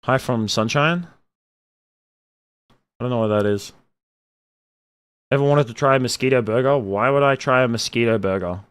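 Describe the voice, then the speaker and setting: A young man reading viewer comments aloud and answering them in a casual, animated and opinionated way, swinging between loud outbursts and muttered asides. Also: mid-range voice, normal speed, long pauses, clear, resonant tone. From Australia. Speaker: streamer reading chat.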